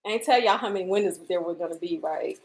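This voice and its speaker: A woman with a lowish voice talks at a quick pace while hosting a casual giveaway livestream at home, chatting, laughing, and reading viewer comments aloud.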